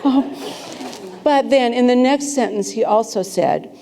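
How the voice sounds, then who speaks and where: Woman, minister, conversational sermon, playful, questions to congregation, mellow voice, long hall reverb. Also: fairly high pitch, expressive, normal speed, creaky. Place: spiritual center sanctuary with a congregation.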